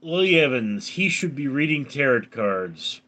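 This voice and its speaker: A man's voice: medium pitch, very animated, measured pace, sharp tone. A man with a round, resonant voice, chatting casually on a live stream as he reads viewer comments aloud and answers them.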